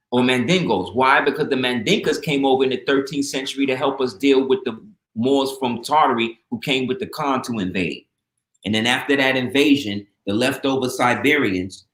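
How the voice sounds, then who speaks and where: A man speaking as a guest in casual storytelling talk, acting out the voices of people in his stories. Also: mid-range voice. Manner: animated storyteller, acts out quoted voices. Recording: roomy echo.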